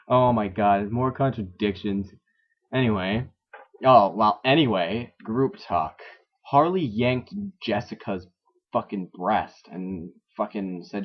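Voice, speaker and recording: A man's voice: on the low side, expressive, unhurried, breathy edge. A man reading a story aloud and mocking it, sarcastic and swearing often in a dull lo-fi recording. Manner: sarcastic, swears a lot, laughs at the text. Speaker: story reader. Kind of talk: mocking read-through of a story.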